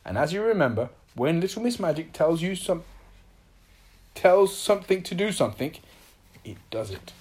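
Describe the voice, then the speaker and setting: A woman's voice: on the low side, big pitch swings, moderate pace, pauses often, darkish tone, slightly rough. A woman reading a children's story aloud in a playful, sing-song way.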